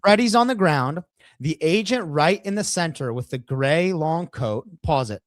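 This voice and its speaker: A man's voice: on the high side, animated, normal speed, no room sound. A man co-hosting a podcast, brash and profane, walking viewers through a video. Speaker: podcast co-host. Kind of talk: casual podcast discussion.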